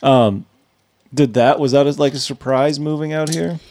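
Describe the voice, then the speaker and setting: A man's voice: on the high side, fairly even intonation, normal speed, darkish tone. Easygoing, profane man from Texas. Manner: easygoing, profane, laughing asides. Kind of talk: casual podcast chat.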